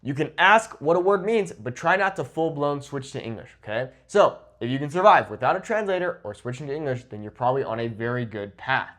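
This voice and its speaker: A man who teaches Spanish, talking to camera in a lively, informal way, often checking in with "okay?" and "right?". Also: medium pitch, brisk, hardly any pauses.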